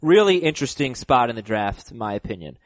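A man's voice: medium pitch, big pitch swings, fast talker, no room sound. A man hosting a fantasy football podcast, running through draft picks and asking co-hosts for their take. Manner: leads the talk, lists picks and asks for opinions. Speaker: podcast host. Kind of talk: casual sports podcast chat.

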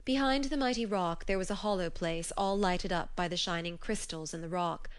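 Female audiobook reader for myths; smooth, clean tone, steady measured delivery. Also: fairly low pitch. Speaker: audiobook narrator. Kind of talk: scripted storybook narration.

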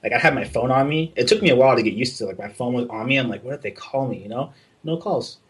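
A fast-talking young man with a medium-pitched, slightly rough voice casually relates his experience working abroad as an artist. He stays animated throughout, swears freely, and plays out each line of dialogue.

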